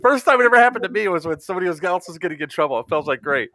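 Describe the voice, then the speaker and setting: A man co-hosting a casual podcast, chatty and quick to laugh. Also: high voice, animated, bright, forceful tone. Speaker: podcast co-host.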